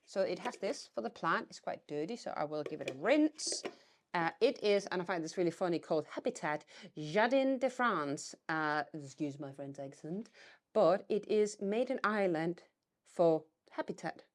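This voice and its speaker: A woman's voice: on the low side, expressive, moderate pace. A woman vlogging about reselling vintage decor, chatting casually and thinking aloud as she goes. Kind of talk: casual vlog chat.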